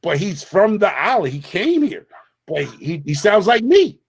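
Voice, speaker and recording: This middle-aged guest from the Bronx, New York tells stories in a casual conversation with great emphasis, frequently repeating and restarting. His voice is high-pitched, very animated, slightly rough, and measured in pace.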